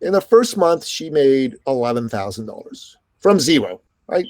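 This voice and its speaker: A middle-aged man tells a success story at a quick, lively clip. His voice sits at an ordinary male pitch, and the sound is close and dry with no room around it. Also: no echo. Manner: animated, fast storytelling with quoted dialogue. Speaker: podcast host and business coach, guest. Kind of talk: storytelling in an interview.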